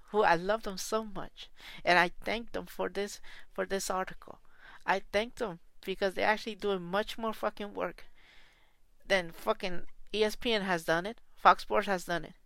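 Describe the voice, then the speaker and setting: A woman's voice: mid-range voice, moderate pace, a bit bright, dry recording. A woman soccer fan podcaster delivering a heated, profane, repetitive solo rant.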